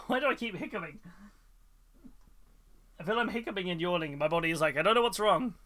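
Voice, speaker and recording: A man's voice: high voice, animated, brisk, sharp tone. A man hosting a casual hobby live stream, chatting loosely with many fillers and frequent laughs.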